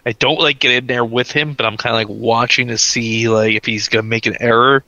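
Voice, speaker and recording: A man's voice: mid-range voice, fairly even intonation, a little fast, sharp tone, no room sound, lo-fi sound. A man playing a tabletop roleplaying game, describing his character's actions in a rambling way with many "like" fillers. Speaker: player.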